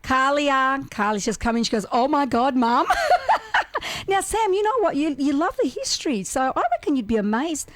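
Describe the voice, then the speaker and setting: A woman hosting live radio, chatty and quick to laugh as she reads out listener greetings. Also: sits high, very animated, a bit bright, no echo. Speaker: radio host. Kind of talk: casual radio chat.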